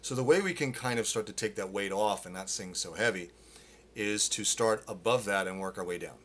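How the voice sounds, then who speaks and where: A middle-aged man teaching a live singing Q&A, explaining casually with lots of fillers and quick demonstrations. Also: lowish voice, fairly bright tone. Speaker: vocal coach.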